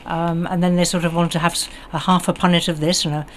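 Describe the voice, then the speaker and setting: A woman's voice: lowish voice, level tone, fast talker, slight background noise. An older woman from the West Country with a received pronunciation accent, a guest on local radio talking chattily with many ums. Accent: southern English, received pronunciation. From West Country of England. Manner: chatty, hesitant with ums and restarts. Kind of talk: casual radio chat.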